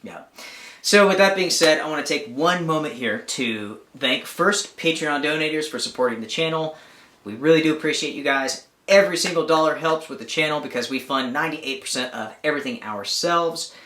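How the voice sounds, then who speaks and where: A man's voice: a little high, expressive, fairly quick, bright, forceful tone, echoey room. A man co-hosting an outdoor gear channel, chatting casually and rambling a little with lots of "like". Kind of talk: casual chat.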